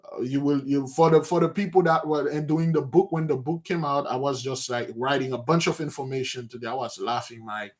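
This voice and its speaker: A study group teacher leads an informal book study, telling the story with lots of restarts and asides. His voice is medium-pitched and brisk, and he storytells in a lively way, acting out the scenes.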